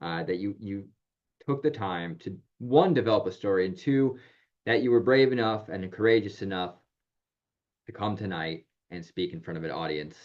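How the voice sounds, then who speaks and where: A man's voice: low-pitched, expressive, normal speed, a little mellow. Male host of an online event, encouraging, a bit hesitant, on dull lo-fi call audio. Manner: encouraging, with many fillers. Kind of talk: hosting a virtual storytelling event.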